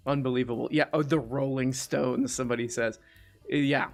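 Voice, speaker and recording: A man's voice: medium pitch, steady tone, a little fast, vocal fry, soft background music. Joking, rambling male talk-show host. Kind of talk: casual chat.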